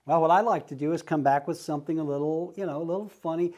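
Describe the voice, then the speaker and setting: Man teaching sales, mellow voice. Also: a little high, fast talker, hardly any pauses. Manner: acts out friendly phone calls in a casual, familiar tone. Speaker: real estate trainer. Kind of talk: instructional talk.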